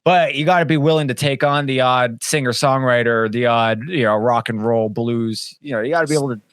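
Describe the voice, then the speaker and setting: A man co-hosting a casual podcast chat, animated and swearing, mocking clients in put-on voices over a webcam. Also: medium pitch, brisk, clean tone, dry recording, clean studio sound. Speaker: podcast co-host, band member.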